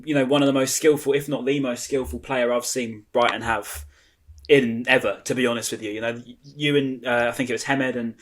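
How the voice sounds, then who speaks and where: A man's voice: mid-range voice, steady tone, brisk. A male podcast host chatting casually, an enthusiastic fan asking long, rambling questions.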